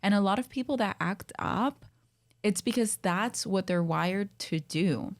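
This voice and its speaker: A woman talking as a podcast guest in a casual, quick chat full of "like". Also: medium pitch. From Colombian family. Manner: quick, chatty, peppered with "like".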